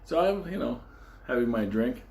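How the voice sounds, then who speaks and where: A man's voice: medium pitch, expressive, moderate pace, darkish tone, slight background noise. A man from Puerto Rico telling a wild club story in a casual, profane, comedic way, laughing often as he goes. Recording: roomy echo with faint ambience.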